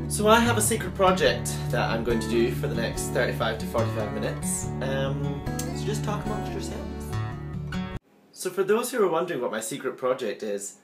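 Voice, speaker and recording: A man chatting through a home-baking vlog, upbeat and self-mocking as he works in his kitchen. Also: medium pitch. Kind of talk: casual baking vlog chat.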